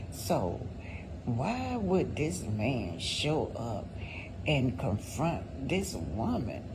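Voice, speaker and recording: A man's voice: mid-range voice, very animated, takes it slowly, background noise. A man giving casual vlog commentary on a reality show, talking straight to his viewers and repeating points for emphasis.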